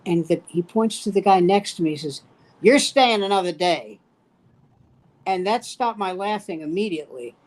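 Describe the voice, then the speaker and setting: A man's voice: sits high, animated, a little fast, hardly any pauses, darkish tone, rough recording. A man in his seventies, a stand-up comic, telling stories in casual chat and acting out the voices of people he quotes. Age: 70s.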